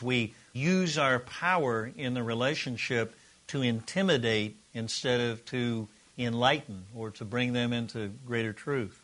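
A middle-aged man's medium-pitched, somewhat bright voice carries through a relationship class he teaches to a group in a room. Earnest and chatty, he sometimes acts out sample conversations.

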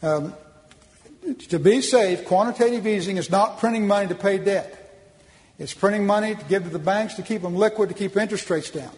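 A man's voice: high voice, brisk, a little mellow, long reverb tail, poor audio. A man from Oklahoma giving a public speech with slides at a policy conference, folksy and emphatic, often restarting his sentences.

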